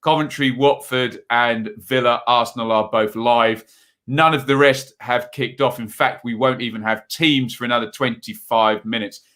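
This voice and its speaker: Man, live stream host, bright voice, casual football chat, rambling with fillers, reads out viewer comments. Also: medium pitch, steady tone, normal speed. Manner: chatty, reads out viewer comments between match updates; loose and rambling with many fillers.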